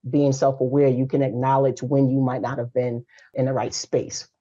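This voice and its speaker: Her pitch is extremely low and her pace is normal as she shares lively stories frankly and with emphasis. She's in her forties and is a guest coach in a relaxed podcast conversation, recorded in slightly muffled lo-fi audio.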